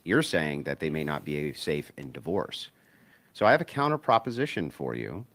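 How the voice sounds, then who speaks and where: A man arguing his case in a debate, laying out points in a measured, methodical way. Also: rumbling low, sing-song, a bit bright. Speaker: debate guest. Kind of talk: debate argument.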